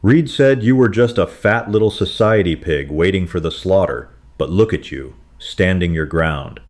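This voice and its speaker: A cruel outlaw boss, as a male narrator puts him on drawls each word slowly and with open contempt. His voice sits low and deep in the chest, and he sounds unhurried and menacing in this storybook reading. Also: lively intonation. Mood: mocking. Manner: slow, sneering drawl.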